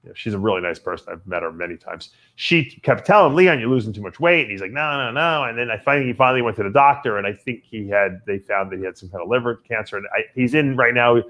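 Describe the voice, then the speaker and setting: A man hosting a casual talk radio show, telling rambling stories in an animated way. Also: lowish voice, fast talker, hardly any pauses. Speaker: podcast host.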